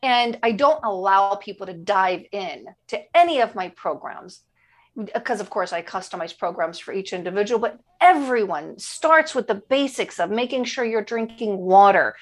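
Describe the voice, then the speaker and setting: A woman's voice: medium pitch, animated, moderate pace. A woman nutrition coach speaking in a podcast interview, enthusiastic and emphatic, repeating her key phrases for effect.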